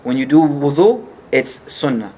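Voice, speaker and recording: A man's voice: mid-range voice, lively intonation, normal speed, mellow. A man teaching an informal religious study class, explaining patiently and checking often that the group follows.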